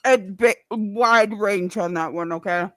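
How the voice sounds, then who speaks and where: A woman live streamer with a medium-pitched voice chats casually with her audience at an unhurried pace. Blunt and profane, she tells her stories in an animated way, and there's no echo.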